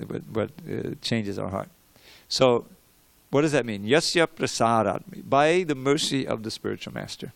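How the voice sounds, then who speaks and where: A man's voice: mid-range voice, gravelly, no room sound. An older man giving a devotional scripture class in a temple room, talking in a loose, conversational way with restarts, chanting verses and drilling pronunciation.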